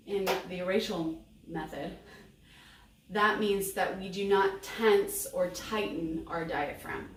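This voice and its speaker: A woman's voice: medium pitch, far from the mic. Upbeat female voice teacher, encouraging; roomy room sound, mic set back. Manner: upbeat and encouraging, sings examples. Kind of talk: voice lesson.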